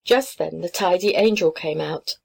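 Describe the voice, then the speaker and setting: A woman reading a children's storybook aloud in a gentle, measured way. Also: fairly low pitch, vocal fry, slightly rough. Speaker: audiobook reader. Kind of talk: storybook narration.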